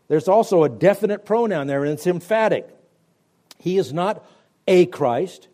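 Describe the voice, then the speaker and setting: A man preaching a radio Bible teaching as pastor, emphatic, with loud stressed words that sink to quiet, low endings. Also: lively intonation, normal speed.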